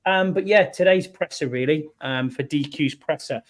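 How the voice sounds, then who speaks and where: A man in his forties hosts a laid-back sports podcast, his voice sitting a little higher than most men's. He talks in a chatty, upbeat way, running through sponsor reads and the week's news. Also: moderate pace. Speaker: podcast host. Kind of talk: casual podcast chat.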